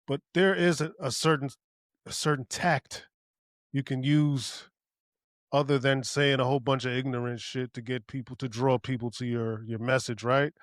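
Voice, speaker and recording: A man in a mid-pitched voice on a casual podcast, working through his thoughts slowly with hesitations and restarts. His speech is loose and profane. The recording is close and dry. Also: no room sound. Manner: musing, hesitant, thinks aloud with fillers and restarts, profane. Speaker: podcast co-host.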